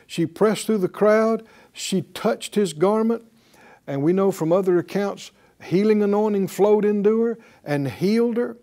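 A man's voice: sits high, unhurried, mellow. A man teaching a Bible class, talking conversationally and putting rhetorical questions to his listeners.

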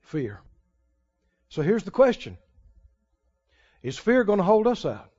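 Preacher, male, very high voice, slow deliberate delivery, dull lo-fi sound. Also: very animated, long reverb tail. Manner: preaching with dramatic swings between loud and hushed. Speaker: pastor. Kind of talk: sermon. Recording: dull lo-fi sermon recording.

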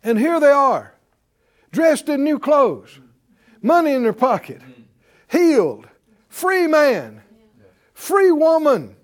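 Male Bible teacher, high and very lively pitch, unhurried delivery, dramatic loud-soft swings. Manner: calls out to the class for responses. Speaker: preacher teaching a Bible class.

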